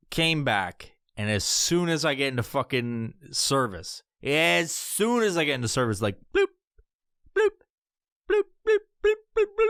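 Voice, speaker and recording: Animated profane man ranting solo. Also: dry recording, studio quality. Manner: profane, animated, mimics voices in high pitch. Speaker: podcast host. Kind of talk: solo podcast rant.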